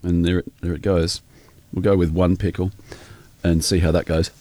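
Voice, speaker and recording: A man's voice: low-pitched, little pitch movement, normal speed, mellow, no echo. Dry, teasing radio co-host man. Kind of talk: casual on-air banter. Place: radio studio.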